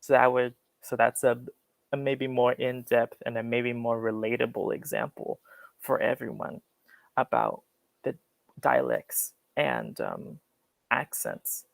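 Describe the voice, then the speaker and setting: A young man with an American accent gives a casual lecture over a video call. His voice has a gravelly edge and sounds dry and close. He talks loosely, with many fillers, and works through examples. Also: mid-range voice, lively intonation, measured pace, no echo, poor audio. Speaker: guest speaker on accents. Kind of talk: online class lecture.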